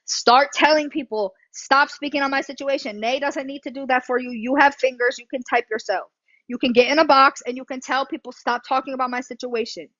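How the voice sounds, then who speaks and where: A woman's voice: sits high, a bit bright, no room sound, highs cut off. A woman hosting a livestream, talking bluntly and emphatically, swearing and repeating herself. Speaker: livestream host. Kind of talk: heated livestream talk.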